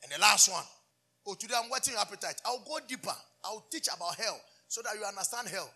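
A man's voice: high-pitched, animated, quick pace, sharp tone, husky. A man preaching a fervent sermon, asking the congregation call-and-response questions and switching between English and Twi. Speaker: pastor.

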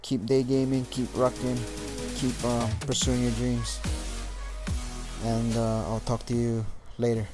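A young man from Hawaii with a Californian accent, giving dating tips in a casual vlog monologue, laid-back and halting, swearing freely. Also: mid-range voice, completely flat delivery, over music. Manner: laid-back, profane, halting with many restarts. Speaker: dating coach vlogger.

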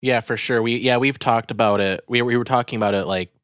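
Guy with a lowish smooth voice, chill wry chat, dry close mic. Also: steady tone, fast talker, a bit bright, no room sound. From United States. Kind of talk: casual conversation.

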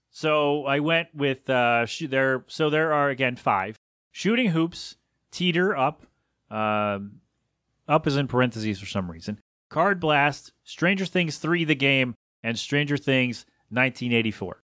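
A man's voice: medium pitch, animated, a little slow, sharp tone, no room sound, studio quality. A man hosting a casual solo podcast, rambling and exasperated as he rants with frequent asides. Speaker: podcast host.

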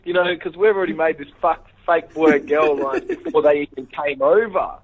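A man guest in a casual phone interview, retelling events in a rambling, animated way and acting out what others said. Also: a little high, a little fast, breathy edge, dry recording. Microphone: phone call. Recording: tinny phone line, dry.

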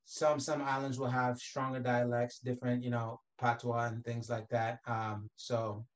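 A man's voice: mid-range voice, a little slow. Man from the Caribbean, easygoing interview guest. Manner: relaxed, frequent "you know" fillers. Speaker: guest, entrepreneur. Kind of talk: casual interview talk.

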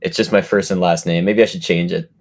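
A man's voice: deep voice, fairly even intonation, a little fast, a little mellow. A man co-hosting a film podcast, talking casually with many fillers and restarts. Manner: hesitant, many fillers, laughs often. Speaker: podcast co-host. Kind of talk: casual chat.

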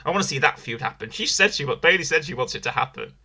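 Bright-voiced man rambling about wrestling. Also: fairly high pitch, animated, fast, breathy edge. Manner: rambling, repeats phrases, restarts often. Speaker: podcast co-host. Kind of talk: casual wrestling review chat.

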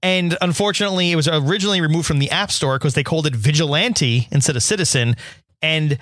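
A man hosting a casual pop culture chat, talking in a playful, animated way with quick asides. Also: on the high side, no room sound. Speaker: podcast host.

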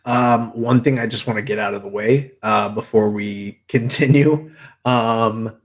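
A man's voice: on the low side, fairly even intonation, unhurried. A young man co-hosting a podcast in casual chat, rambling through stories, laughing often and swearing freely. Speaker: podcast co-host.

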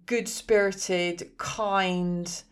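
A woman's voice: medium pitch, fairly even intonation, drawn-out words, clean tone. A woman co-hosting a casual film podcast, eagerly recounting the story and defending it with laughter. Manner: enthusiastic, patiently explaining with laughter. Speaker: podcast co-host. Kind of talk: casual chat.

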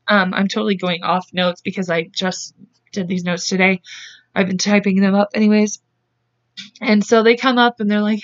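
Through a muffled recording, a woman co-hosting a podcast casually relates a true-crime story, acting out the people's lines with voices and laughing often. Her voice is medium-pitched and a bit bright.

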